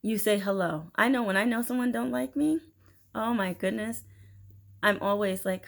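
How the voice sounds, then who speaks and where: A woman giving a casual motivational talk, chatty and animated, acting out little scenes as she goes. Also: fairly high pitch, moderate pace, creaky. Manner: chatty, animated storytelling with laughs and acted-out quotes. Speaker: inspirational speaker.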